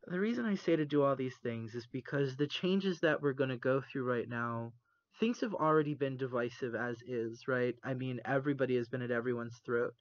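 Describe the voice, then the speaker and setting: A man co-hosting a podcast, talking earnestly and haltingly, close to tears, recorded over an internet call. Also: mid-range voice, dry recording. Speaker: podcast co-host. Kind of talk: casual chat. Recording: muffled dry call recording.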